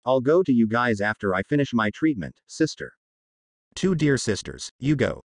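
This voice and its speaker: A man's voice: medium pitch, very animated, normal speed, no echo, clean studio sound. A man reading as a scheming younger sister. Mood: fake pain.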